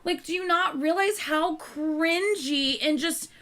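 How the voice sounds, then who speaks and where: A woman hosting her channel, chatting casually with viewers in an animated, exasperated rant. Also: very high voice, takes it slowly. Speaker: channel host.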